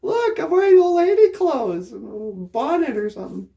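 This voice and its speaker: A woman's voice: sits high, big pitch swings, normal speed, creaky, warm tone, dull audio, full character voice. A woman voicing a sly male big bad wolf in a comic fairy-tale retelling, smarmy and brazen.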